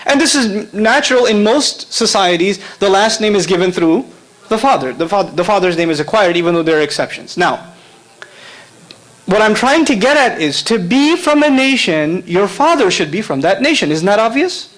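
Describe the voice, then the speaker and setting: Animated high-pitched man lecturing. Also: normal speed, low-quality recording. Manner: animated, asks the audience questions, laughs often. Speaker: Islamic lecturer. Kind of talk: lively lecture to a live audience.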